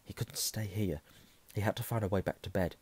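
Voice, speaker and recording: A hoarse man reading a novel aloud, hushing at tense moments and correcting himself. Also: fairly low pitch, a little fast. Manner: self-correcting, softening to a hush at tense moments. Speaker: reader.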